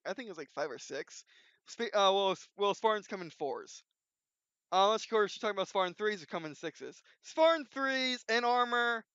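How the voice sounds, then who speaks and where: A man's voice: high voice, pushed and bright, clean tone, dry recording. A man hosting his own video, talking off the cuff in a rambling way, full of restarts and fillers, in a dull lo-fi recording. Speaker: video host. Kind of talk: unscripted casual commentary.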